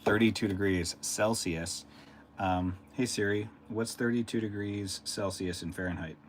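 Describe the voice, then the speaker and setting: A deep-voiced man rambles on his live stream, chatting loosely and answering viewers in chat. He speaks casually from a room at home, with faint hiss behind him. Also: unhurried.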